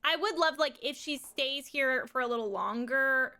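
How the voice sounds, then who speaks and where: A woman's voice: high-pitched, normal speed, pushed and bright. A woman live streaming from home, talking in a rambling, casual way and swearing and laughing often.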